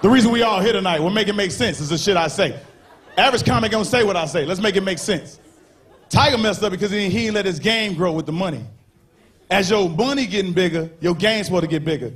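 A man doing a stand-up comedy set on a stage, loud and animated, shouting punchlines and acting out characters. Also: high-pitched, fast. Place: comedy stage before a live audience. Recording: live show with crowd noise. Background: audience laughter.

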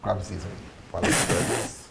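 Very low-voiced woman teasing while cooking. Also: fairly even intonation, quick pace, gravelly, background noise. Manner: teasing, slangy, playful instructions. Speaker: host. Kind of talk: casual cooking show chat.

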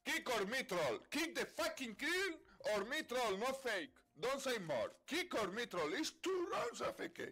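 A man in game voice chat, taunting teammates in broken English and yelling insults. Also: extremely high pitch, big pitch swings, moderate pace, hardly any pauses, echoey room. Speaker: online game troll.

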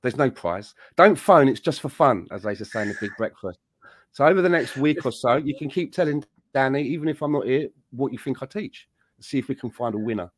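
A man's voice: mid-range voice, lively intonation, a little fast, no echo. A man co-hosting a casual podcast, telling rambling, easygoing stories. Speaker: podcast co-host. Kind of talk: casual chat.

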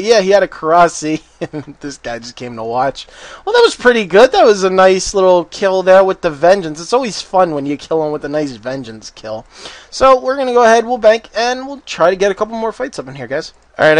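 A man talking over his own gameplay in a fairly high voice, swinging from laid-back chatter to excited, panicked outbursts. He swears freely and laughs often. The sound is dry and close, with no room around it. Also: dry recording. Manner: excitable, bursts into rapid panicked no-no-no's. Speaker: game commentator. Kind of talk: casual gameplay commentary.

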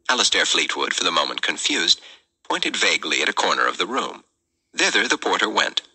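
Very deep, bright-toned male storyteller. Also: big pitch swings, fairly quick, husky. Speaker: podcast host reading a novel. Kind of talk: reading a novel chapter aloud.

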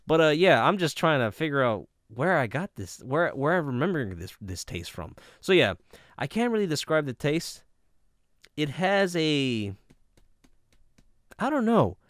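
Rambling man with a lively, smooth voice. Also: on the high side, measured pace, no room sound, studio quality. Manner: rambling, many fillers and restarts. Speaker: product reviewer. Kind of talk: casual product review.

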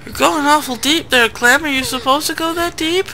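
Squeamish high-voiced woman gamer. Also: normal speed, background noise. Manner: squeamish, pleading with the game; talking through clenched teeth. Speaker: let's play gamer. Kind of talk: gameplay commentary.

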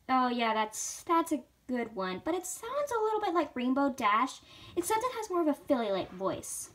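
A woman's voice: high voice, very animated, normal speed, a bit bright. A woman in a playful, casual fan video, chatting between cartoon character impressions.

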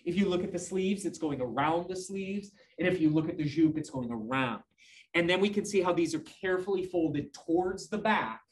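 A man's voice: sits high, normal speed. A man giving a live class lecture on slides, enthusiastic, often pointing things out and checking in with the listeners, and answering student questions conversationally. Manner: enthusiastic, keeps prompting listeners with "notice" and "right?". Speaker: lecturer on fashion history.

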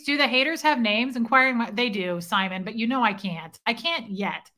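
Bright, chatty woman livestreaming. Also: on the high side, normal speed, hardly any pauses. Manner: chatty, playful and self-mocking, breaks into snatches of song. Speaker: livestream host. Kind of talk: casual livestream chat, reading viewer comments aloud.

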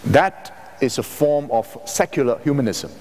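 A man's voice: medium pitch, expressive, a little mellow, slight background noise. Lecturing man in a reverberant hall. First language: Chinese. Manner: measured, halting, rephrases mid-sentence. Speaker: university lecturer. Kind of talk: academic lecture.

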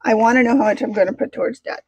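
A woman budgeting vlogger chatting casually as she counts cash, bubbly and excitable, talking to herself as she goes. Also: on the high side, rapid-fire, husky, no room sound, dull audio. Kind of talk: casual vlog chat while counting cash.

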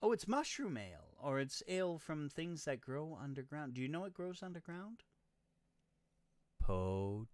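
A man's voice: fairly high pitch, sing-song, moderate pace, hardly any pauses, dry recording. A male host giving rambling, sarcastic let's-play commentary, swearing casually.

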